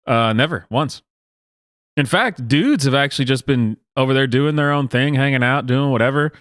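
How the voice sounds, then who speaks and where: A man's voice: medium pitch, moderate pace, fairly bright tone, no echo, studio quality. A man hosting a show where he reacts to videos, talking sarcastically and laughing often. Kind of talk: casual reaction commentary.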